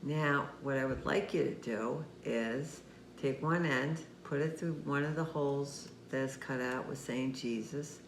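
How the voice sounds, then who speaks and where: A man teaching children, gently and patiently walking them through a craft and talking straight to them. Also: mid-range voice, fairly even intonation, measured pace, vocal fry. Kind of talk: craft demonstration for kids. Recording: echoey room with faint noise.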